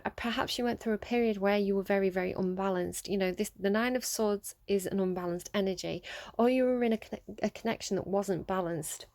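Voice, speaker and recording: A woman's voice: medium pitch, a little mellow. A woman reading tarot cards, talking earnestly and rambling a little, repeating phrases to stress them. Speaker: tarot reader. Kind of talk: tarot card reading to camera.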